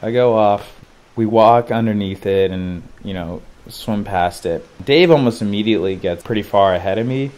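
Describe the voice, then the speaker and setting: Twenties guy telling a wild story, lots of like and dude, kinda low voice. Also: moderate pace. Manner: animated, slangy, lots of filler "like". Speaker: vlogger. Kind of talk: casual storytelling.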